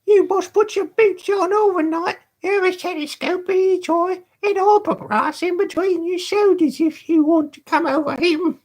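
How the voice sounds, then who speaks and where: A man reading aloud voices a mocking teenage boy pickpocket in a high, gleeful voice. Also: normal speed, few pauses, a little mellow. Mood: teasing.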